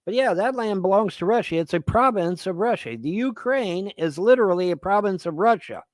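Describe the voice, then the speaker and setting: A man's voice: high voice, lively intonation, a little fast, no echo. A man hosting a live-stream commentary, rambling and sarcastic with crude language, on a close desk mic. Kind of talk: casual ranting commentary.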